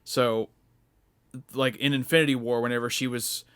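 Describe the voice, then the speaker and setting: A man's voice: medium pitch, fairly even intonation, moderate pace, clear, resonant tone. Rambling young man chatting casually. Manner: rambling, many fillers and restarts. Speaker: podcast co-host. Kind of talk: casual chat.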